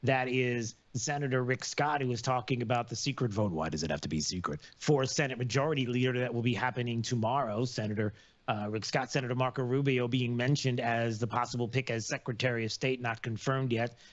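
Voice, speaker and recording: A man's voice: mid-range voice, fairly quick, muffled recording. Rambling radio talk host, man. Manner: rambling with many fillers, sudden loud outbursts. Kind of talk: lively live radio talk.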